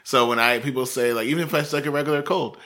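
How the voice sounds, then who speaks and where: A man's voice: medium pitch, fast talker, sharp tone. A man in his twenties co-hosting a podcast in casual chat, talking bluntly and ranting with free swearing. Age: 20s. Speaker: podcast co-host.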